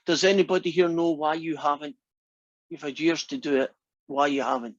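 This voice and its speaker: A math instructor with a slightly high voice moves at a moderate pace in this dry, dull lo-fi classroom recording. He keeps things chatty and teasing, regularly throwing questions at his students.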